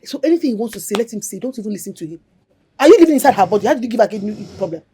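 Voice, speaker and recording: An actress playing a blunt, scolding Nigerian mama. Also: female voice, medium pitch, very animated, very fast, slight background noise, lightly acted. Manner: loud, teasing, scolding. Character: brash older mother figure, blunt and dismissive. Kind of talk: film drama dialogue.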